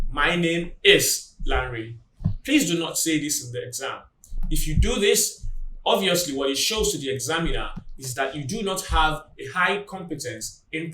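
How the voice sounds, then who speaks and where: A man teaching an exam-prep lesson in a deliberate, emphatic way, slowing down for example phrases. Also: on the high side, a bit bright, reverberant, recorded from a distance, rough recording. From Nigeria. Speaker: IELTS tutor. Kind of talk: instructional video lesson.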